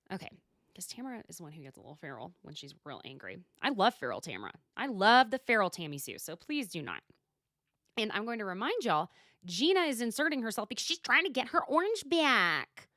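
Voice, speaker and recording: Lively chatty woman podcaster, swears freely. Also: medium pitch, moderate pace, no room sound, studio quality. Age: adult, mother. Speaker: podcast host. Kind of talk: casual solo recap chat.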